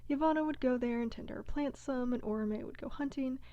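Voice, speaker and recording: A woman's voice: high voice, fairly quick, no room sound, lo-fi sound. A woman casually retelling a fantasy epic with breezy, slangy humor, as the narrator of a comic video. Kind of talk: casual comedic story retelling.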